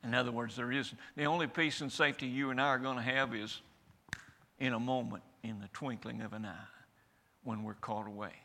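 A man's voice: mid-range voice, steady tone, brisk, sharp tone. A man preaching a sermon to a church congregation in a folksy, emphatic way, often asking for an amen.

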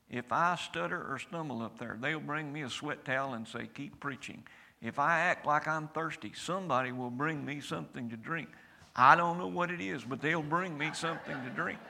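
A man's voice: mid-range voice, vocal fry, pushed and bright. A man preaching a sermon in a church, earnest and emphatic, building in volume as he goes. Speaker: pastor leading prison ministry. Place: church sanctuary. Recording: long hall reverb.

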